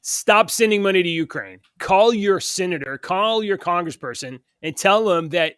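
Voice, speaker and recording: Heated ranting man, higher voice, dry sound. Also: animated, normal speed, fairly bright tone, clear, resonant tone, no echo. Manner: heated, scornful, reads news aloud then rants. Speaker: co-host of a morning talk show. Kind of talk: opinionated political rant.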